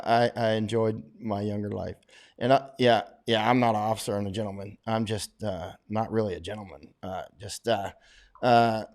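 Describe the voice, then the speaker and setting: Man, middle-aged, war correspondent, blunt, boastful, chuckles often, casual livestream monologue, average pitch.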